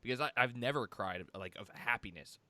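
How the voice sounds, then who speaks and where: A man's voice: mid-range voice, brisk, pushed and bright, no echo. A man hosting a casual podcast, chatty and reflective, with many fillers. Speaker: podcast host.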